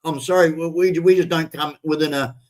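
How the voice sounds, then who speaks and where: An older man with a broad Australian accent holds forth on a live stream in a blunt, profane rant. His voice sits high for a man, and he keeps stumbling into restarts as he builds up steam. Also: fairly even intonation, a little fast, poor audio. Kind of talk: ranting commentary.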